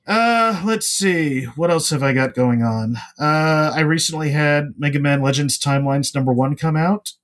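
A man's voice: fairly high pitch, moderate pace, hardly any pauses. A man who is a guest on a podcast, a comics writer, chatting casually and rambling with lots of filler sounds.

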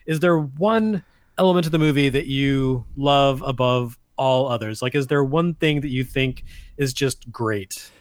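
A man's voice: medium pitch, a little slow, no room sound, clean studio sound. A man hosting a casual podcast discussion, wry and steering the conversation. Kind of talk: casual chat.

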